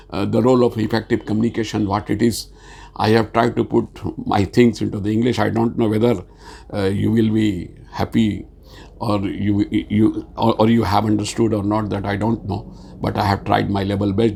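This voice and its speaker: Trainer, male, gravelly voice, earnest halting delivery with frequent fillers. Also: lowish voice, mellow, a little hiss or hum. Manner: halting, repeats words, earnest; speaks slowly with many fillers. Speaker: sales communication trainer. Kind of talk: informal spoken lecture.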